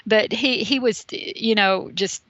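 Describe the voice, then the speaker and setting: A woman, a guest telling a story in an interview, animated and chatty, full of "you know". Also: a little high, slow pace, dry recording. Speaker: podcast guest. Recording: dull lo-fi sound.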